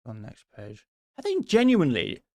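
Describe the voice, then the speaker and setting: A man's voice: on the high side, wildly swooping pitch, normal speed, dry recording. A man talking on a live stream in an easygoing way, with a voice that rises and falls a lot. He jokes at his own expense and laughs often. His sound is close and dry, with no room around it. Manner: chatty, self-deprecating, laughs often. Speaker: fantasy football streamer. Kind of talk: casual live-stream chat answering viewer questions.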